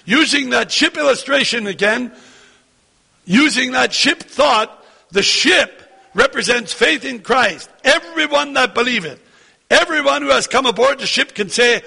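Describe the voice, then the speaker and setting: Gravelly high-voiced preacher guy, bright edgy tone, earnest sermon, repeats himself for emphasis. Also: animated, measured pace, in a large hall. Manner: earnest, repetitive preaching with rising emphatic lines.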